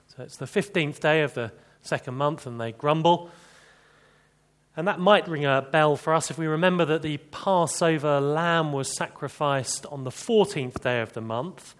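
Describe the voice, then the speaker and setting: A man's voice: fairly high pitch, moderate pace. A man preaching an expository sermon, chatty, with rhetorical questions and dry humor.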